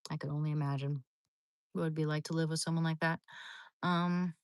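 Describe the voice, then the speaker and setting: A woman's voice: low voice, fairly even intonation, a little fast, clear, resonant tone, no room sound. A woman chatting casually to her live stream audience from home, rambling along with many restarts. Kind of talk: casual livestream chat.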